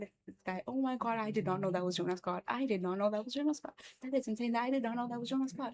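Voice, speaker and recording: A woman streamer and voice actor chatting live on stream, excitable and repetitive, swearing freely. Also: a little high. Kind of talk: casual livestream chat.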